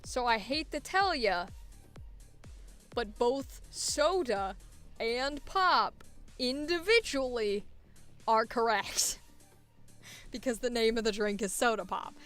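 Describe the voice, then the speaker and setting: A woman's voice: fairly high pitch, lively intonation, takes it slowly, pauses often, fairly bright tone, soft background music. Chatty woman voice actor rambling casually. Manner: rambling, chatty, laughs often, many fillers. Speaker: voice actor host. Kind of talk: casual chat.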